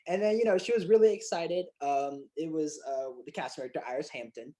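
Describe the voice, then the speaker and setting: Man, interview guest, excitable storyteller, lots of fillers and restarts. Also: fairly high pitch, a little fast. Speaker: guest filmmaker and actor.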